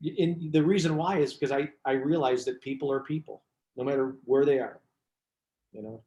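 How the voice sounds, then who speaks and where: A man, a business coach, chatting as a guest and telling lively stories with asides and restarts. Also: mid-range voice, fairly quick, muffled recording. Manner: animated storyteller, frequent restarts and asides. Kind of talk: casual interview chat. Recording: roomy echo.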